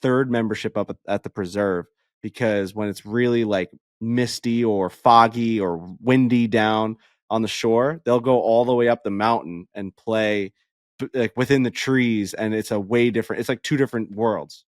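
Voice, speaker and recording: A man co-hosting a podcast, telling a story in casual chat, animated and profane, acting out the people he quotes. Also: on the low side, normal speed, no room sound, studio quality. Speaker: podcast co-host.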